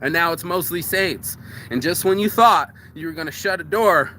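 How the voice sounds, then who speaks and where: A man hosting a casual motivational monologue, rambling and profane, with wide swings in pitch for emphasis. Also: normal speed, sharp tone, slight background noise. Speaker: host.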